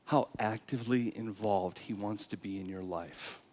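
A man preaching a sermon with earnest storytelling, building to loud emphasis and then dropping to quiet, slowed phrases. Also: lowish voice. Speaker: pastor.

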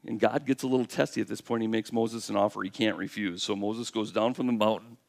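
A man's voice: on the low side, fast talker, creaky. A male pastor preaching a sermon, acting out the lines of the characters and putting questions to his listeners. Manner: animated storytelling, acting out God's and Moses' lines, asks the audience questions.

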